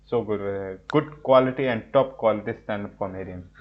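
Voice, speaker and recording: A man hosting a reaction video, giving earnest, effusive, halting commentary in a casual way. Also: on the low side, highs cut off, very noisy.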